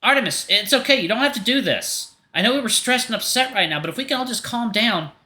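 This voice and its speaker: Man doing a gentle, pleading creature friend. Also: very high-pitched, lively intonation, fast talker, pitched above the performer's own voice, full character voice. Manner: pleading, soothing. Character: gentle anxious young male creature friend. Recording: roomy echo.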